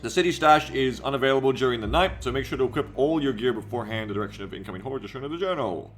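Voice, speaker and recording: A man's voice: mid-range voice, animated, very fast, faint music behind. A man streaming a game, talking loosely and chattily, swearing and reading out chat messages. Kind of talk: casual livestream commentary.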